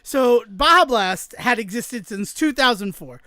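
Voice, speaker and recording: A man co-hosting a podcast, telling a long story in a casual, animated way and acting out the lines of the people in it. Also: extremely high pitch, a little slow, no echo. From New England, United States. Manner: animated storyteller, acts out quoted dialogue. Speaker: podcast co-host.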